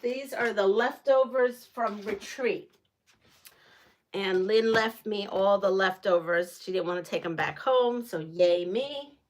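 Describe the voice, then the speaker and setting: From her quilting room, a woman hosts a casual live quilting stream, chatting with viewers while sewing and laughing often. Her voice is mid-range and her pace slow.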